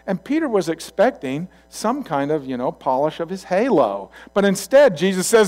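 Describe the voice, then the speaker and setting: A male pastor giving a sermon in a conversational storytelling way, swinging from loud to quiet asides. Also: a little high, very animated, fairly quick, hardly any pauses.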